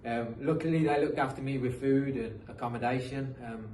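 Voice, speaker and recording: A man's voice: mid-range voice, brisk, darkish tone, recorded from a distance. A man in his thirties with a British accent that has picked up some American sounds. He talks on a podcast about his playing career, rambling and repeating himself, with many ums and uhs. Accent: British English, mixed with some American. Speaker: guest, professional footballer. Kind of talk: casual podcast storytelling. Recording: echoey room, mic set back, faint noise.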